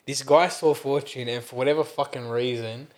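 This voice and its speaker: Casting: young Aussie guy, mid-pitched voice, excitable, swears freely. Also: moderate pace. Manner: animated, sweary, laughing banter. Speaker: podcast co-host. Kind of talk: casual chat.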